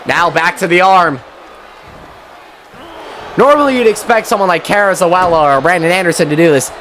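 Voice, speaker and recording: A young man giving excitable play-by-play commentary on a wrestling match, with mild swearing and quick self-corrections. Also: high-pitched, a little hiss or hum. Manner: excitable, swears mildly, laughs at own slips. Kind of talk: solo play-by-play commentary of a video game match.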